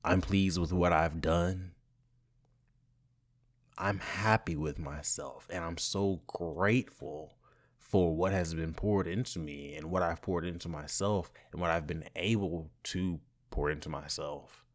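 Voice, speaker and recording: Low-voiced man musing on his own podcast. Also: a little slow. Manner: expressive, swings from soft and reflective to loud and playful. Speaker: podcast host. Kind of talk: casual solo podcast monologue.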